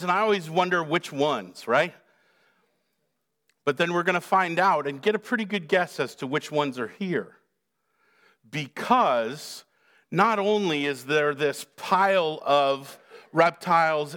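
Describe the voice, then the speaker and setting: Bright high-voiced pastor preaching slowly. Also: male voice. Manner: conversational, jokey, acts out quoted lines. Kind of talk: sermon.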